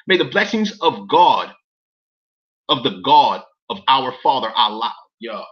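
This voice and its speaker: A man's voice: mid-range voice, very animated, unhurried, lo-fi sound. A man reading documents aloud in casual commentary to viewers, incredulous and profane, often stopping to ask them questions.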